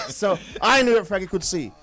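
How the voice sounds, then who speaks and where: A man hosting a radio show, bantering loudly, laughing often and repeating himself as he tells stories. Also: sits high, animated, moderate pace. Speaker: radio host. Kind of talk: lively banter between radio hosts.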